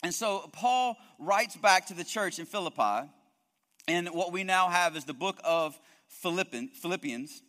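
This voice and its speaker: Heard with long hall reverb, a male pastor preaches emphatically at a measured pace. His high-pitched voice is animated and sharp, and he often repeats words while building toward each point.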